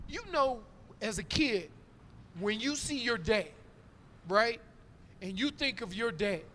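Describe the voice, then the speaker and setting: A man co-hosting a radio show, playful and animated, joking around with the others. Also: high-pitched, slow pace, a little hiss or hum. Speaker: co-host. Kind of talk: casual radio chat.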